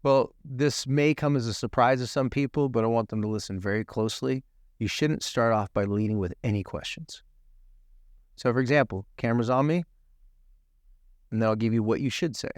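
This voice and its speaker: Man, talk-show guest, earnest, emphatic, acts out quotes, mid pitch, dry studio sound. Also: moderate pace, no room sound. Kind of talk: earnest personal storytelling.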